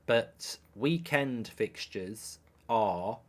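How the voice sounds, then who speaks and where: A middle-aged man hosting a live football watchalong, commenting on the match and reading out viewer messages with bursts of excitement. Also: on the low side, very slow. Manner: excitable, reads viewer messages aloud, repeats himself.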